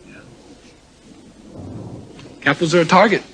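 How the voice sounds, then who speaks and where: A young actor playing a worried young man from a wealthy family, who talks in a low, troubled, subdued way. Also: unhurried, pushed and bright, slight background noise. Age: young adult.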